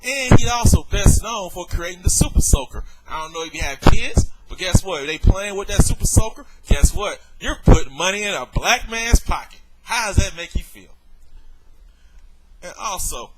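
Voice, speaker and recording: A man's voice: sits high, lively intonation, normal speed, noisy background. A man in a video rebuttal, worked up, lecturing and exasperated as he speaks straight to the viewer. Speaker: vlogger.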